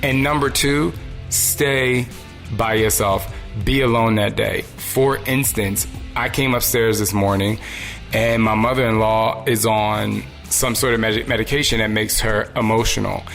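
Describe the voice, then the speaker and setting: Gravelly earnest man hosting a podcast. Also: lowish voice, steady tone, a little slow, a bit bright, faint music behind. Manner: earnest, conversational, acts out little dialogues. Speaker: podcast host. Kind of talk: solo motivational podcast talk.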